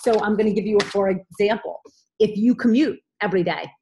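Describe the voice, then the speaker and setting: A woman's voice: medium pitch, brisk, dark tone, a little hiss or hum. Upbeat woman giving a training talk. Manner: upbeat, direct, checks in with "okay?". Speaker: team trainer.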